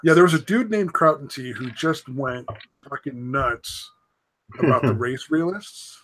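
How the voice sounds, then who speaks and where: A man's voice: medium pitch, a little slow, fairly bright tone, low-quality recording. Rambling man on a casual podcast. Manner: rambling, hedges with "I mean" and "like". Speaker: podcast host. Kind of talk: casual profane chat.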